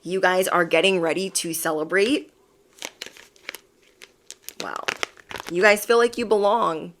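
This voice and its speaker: A woman's voice: lowish voice, fairly even intonation, a little slow, a bit bright, a little hiss or hum. A woman giving an emphatic pick-a-card tarot reading, repeating affirmations. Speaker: tarot reader.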